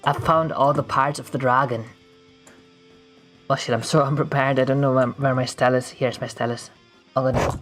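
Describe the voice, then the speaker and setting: A woman streams while drawing and chats casually with viewers, playful and goofy, often breaking into laughs and silly voices. Her bass voice keeps fairly even intonation at a moderate pace with frequent pauses, and faint music plays behind.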